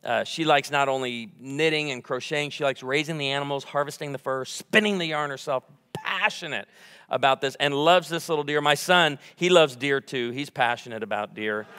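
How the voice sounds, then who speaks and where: A man's voice: medium pitch, moderate pace, bright, forceful tone, clear, resonant tone, long reverb tail. A man in his forties giving a humorous sermon in a church, bantering playfully with the congregation. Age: 40s. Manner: joking, playful crowd banter. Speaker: guest preacher. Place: church sanctuary before a congregation.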